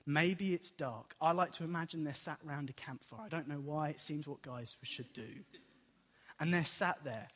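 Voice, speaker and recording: A man preaches a sermon and acts out the story as he tells it. His voice sits a little high, and it rings with the long reverb of a large hall. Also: normal speed. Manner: animated storytelling, acts out dialogue.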